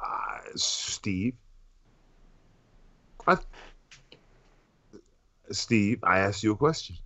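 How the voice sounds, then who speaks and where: Animated, argumentative man on a podcast. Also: on the low side, extremely slow. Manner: animated, argumentative, bursts into shouting. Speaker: podcast co-host. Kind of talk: casual chat.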